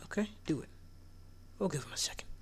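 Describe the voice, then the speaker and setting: Man, casual gameplay commentary, excitable, squeaky surprised outbursts, whispered asides, voice that cracks. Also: fast. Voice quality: voice cracks when it goes high. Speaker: gaming channel host.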